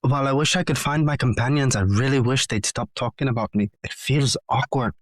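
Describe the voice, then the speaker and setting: A man's voice: medium pitch, a little fast, dry recording, studio quality. Wry non-native male tabletop player. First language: not English. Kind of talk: casual tabletop role-play banter.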